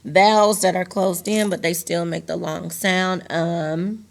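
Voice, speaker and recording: A woman teacher giving a recorded lesson to young students, slowly enunciating words and sounds for them to repeat. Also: lowish voice, fairly even intonation, creaky. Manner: slow, deliberate, enunciating words for young learners.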